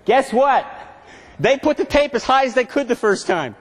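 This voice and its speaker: High-voiced man giving a seminar in a reverberant hall. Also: lively intonation, normal speed, husky. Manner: playful, keeps quizzing the audience. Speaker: management consultant giving a seminar. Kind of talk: motivational seminar talk. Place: lecture hall with audience.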